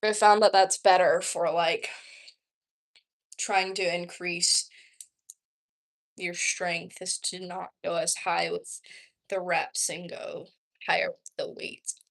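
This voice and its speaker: A woman's voice: lowish voice, level tone, slow pace, vocal fry, long pauses. A young woman around twenty with a Southern accent, chatting casually on a livestream, rambling with lots of "like" and "um". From Texas, US. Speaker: vlogger.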